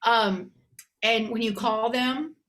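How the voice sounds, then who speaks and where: A woman's voice: on the high side, fairly even intonation, slow, fairly bright tone, a little hiss or hum. A woman doing a rambling, self-deprecating stand-up set over a video call from her apartment, full of fillers and restarts. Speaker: comedian.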